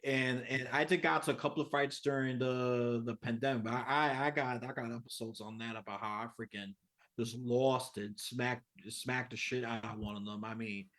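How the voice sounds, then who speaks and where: A man with a New York accent, chatting as a podcast guest. His pitch sits in the middle, and his delivery is animated. He goes from quiet asides to loud, heated bursts. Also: moderate pace. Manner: animated, swings from soft to loud. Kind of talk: casual interview chat.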